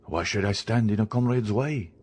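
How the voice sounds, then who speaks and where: Guy doing a scared shifty convict, pleading and evasive, husky voice. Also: fairly low pitch, moderate pace, darkish tone. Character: frightened sly escaped convict, man. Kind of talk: audiobook character reading.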